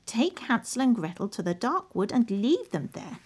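A woman's voice: fairly high pitch, big pitch swings, moderate pace, darkish tone, husky, voice pushed up. A woman voicing a harsh stepmother in a storybook reading, giving orders sternly. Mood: commanding. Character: harsh, cold-hearted stepmother.

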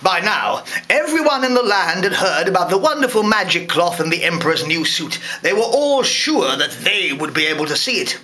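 A man, a parent, reading a fairy tale aloud to a school class in a lively, expressive way. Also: high voice, normal speed, few pauses. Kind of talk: storybook read-aloud.

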